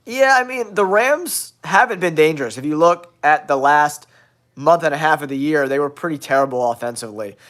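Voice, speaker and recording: A man's voice: a little high, a little fast. Nasal man with a cold, hot takes. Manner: blunt, excitable hot takes addressing viewers. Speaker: sports show host. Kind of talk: casual football talk show.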